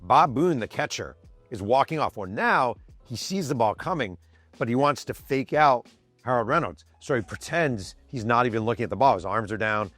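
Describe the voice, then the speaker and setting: A man in his fifties, a podcast host telling a sports story from his office with animated energy, acting out the quotes and swearing casually. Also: medium pitch, moderate pace, dry recording, faint music behind. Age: 50s. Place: home office.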